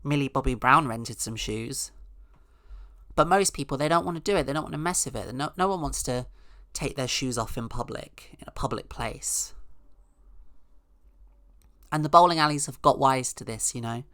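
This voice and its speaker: Sarcastic woman with a bright voice. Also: very deep voice, normal speed, pauses often, no room sound, studio quality. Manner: sarcastic, rambling, mock-outraged asides. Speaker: podcast host. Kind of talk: casual comedic monologue.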